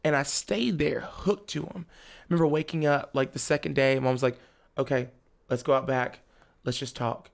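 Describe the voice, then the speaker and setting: A young man, a guest on a podcast, telling a personal story in casual chat, animated and laughing often. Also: medium pitch, normal speed, creaky. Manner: animated, laughs often, slips into the voices of family members.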